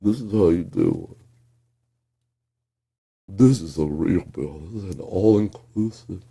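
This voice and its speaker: A man putting on a smug male politician, slow and quiet as he pitches his plan. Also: animated, gravelly, husky, heavily acted.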